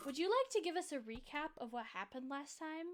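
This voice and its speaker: A woman's voice: high voice, sing-song, brisk, slight background noise. A young woman hosting a game stream, chatting casually and rambling with frequent restarts. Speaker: streamer and host.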